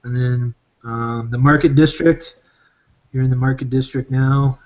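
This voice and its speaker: A man's voice: mid-range voice, steady tone, measured pace, darkish tone. A man running a tabletop game as game master, narrating casually with a lot of fillers. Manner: casual, rambling, many fillers. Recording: dull lo-fi recording.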